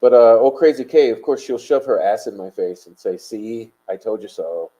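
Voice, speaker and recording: Mellow-voiced man hosting a rambling livestream. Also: lowish voice, normal speed, poor audio. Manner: rambling, profane and emphatic. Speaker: livestream host. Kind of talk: casual livestream chat, reading viewer comments.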